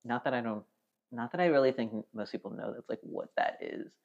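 A man's voice: medium pitch, brisk, creaky. A man in his twenties, a podcast guest, talking in a rambling, casual way full of fillers. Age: 20s. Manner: rambling, filler-heavy, laughs easily. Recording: dull lo-fi podcast audio.

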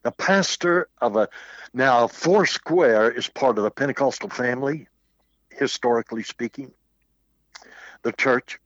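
A man's voice: mid-range voice, unhurried, pauses often, dry recording. An older man, a Baptist minister, telling a personal story in casual conversation and acting out the quotes. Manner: animated anecdote with acted-out quotes. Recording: muffled, dull audio.

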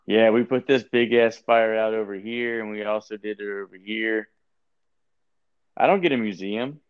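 A man's voice: lowish voice, steady tone, moderate pace, smooth, dull audio. A man in casual chat as a podcast co-host, telling rambling stories with swearing. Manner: laid-back, rambling storytelling with swearing.

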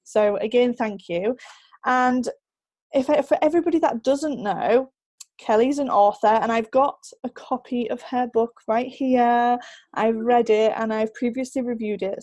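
A woman's voice: on the high side, darkish tone. Woman hosting a podcast interview. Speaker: podcast host. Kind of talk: conversational interview.

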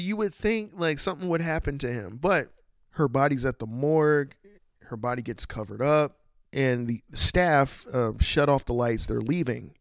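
Male podcast host, casual film recap, lively retelling, dry close mic. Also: on the high side, no room sound. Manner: animated storyteller, acts out quotes.

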